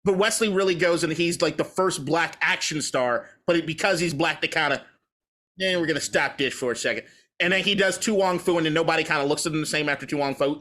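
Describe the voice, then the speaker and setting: A man's voice: on the high side, bright, forceful tone. A man co-hosting a podcast, rambling through profane, opinionated movie talk in a casual debate. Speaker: podcast co-host.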